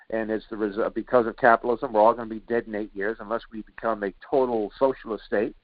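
A man's voice: on the low side, level tone, fast, few pauses, no echo. Guy hosting a talk radio show, indignant and rambly, lots of uhs, dry dull lo-fi broadcast sound. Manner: indignant, rambling with many fillers and restarts. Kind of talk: political commentary monologue.

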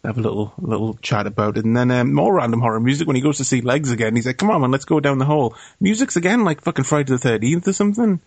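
A man in a joking, animated film podcast chat, poking fun and swearing freely. His voice sits at an ordinary pitch, recorded close and dry. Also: rapid-fire, gravelly, hardly any pauses, breathy edge, no echo. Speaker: podcast co-host. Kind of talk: casual film review chat.

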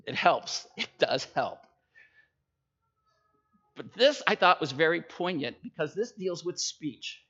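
A male pastor preaching in a relaxed, storytelling manner, often checking that his listeners are following. His fairly high voice has a gravelly edge and a bright, forceful tone. The recording sounds dull and lo-fi. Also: takes it slowly, long pauses. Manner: conversational, tells jokes and stories, checks in with listeners. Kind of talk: sermon.

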